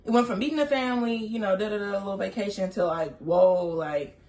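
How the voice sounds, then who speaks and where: A young woman telling a story to viewers, animated, quoting herself and saying "like" often. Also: medium pitch, fast. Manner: animated, quotes herself, frequent "like". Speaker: co-host of a couple's channel.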